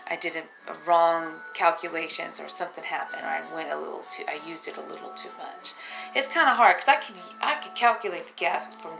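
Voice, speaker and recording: A young woman with a gravelly, fry-laden voice, worn out and talking straight into her phone camera. She swears freely and rambles between heavy thoughts and laughter. Music plays clearly in the background. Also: on the low side, bright, forceful tone. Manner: profane, emotional, rambling, laughing to herself. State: tired. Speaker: single mother vlogger. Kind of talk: raw unscripted vlog monologue.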